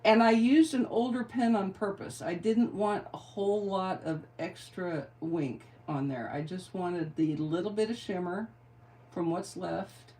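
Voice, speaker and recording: A woman's voice: lowish voice, measured pace, dark tone. A middle-aged woman giving a card-making tutorial, chatty and playful, with rambling asides. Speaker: craft demonstrator.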